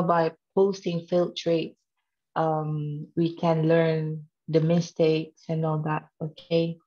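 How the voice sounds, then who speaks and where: A woman runs an online trading lesson, teasing her viewers and laughing as she talks. Her voice sits a little low and moves at an unhurried pace. The sound is dull and lo-fi, like webinar audio. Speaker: trading instructor.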